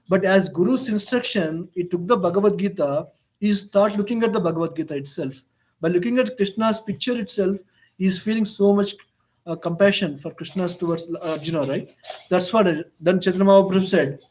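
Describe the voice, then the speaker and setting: A man's voice: high-pitched, darkish tone. A man giving a storytelling lecture on scripture. He speaks non-native English with many "you know" fillers. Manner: frequent "you know" fillers, retells stories with quoted dialogue. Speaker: lecturer on the Bhagavad-gita.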